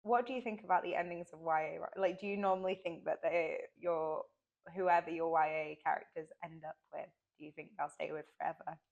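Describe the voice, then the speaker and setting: A woman interviewing an author for the publisher, chatty and relaxed, laughing now and then. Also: deep voice, fairly quick, gravelly, dull audio. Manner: chatty, many fillers and restarts, laughs. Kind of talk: casual interview chat.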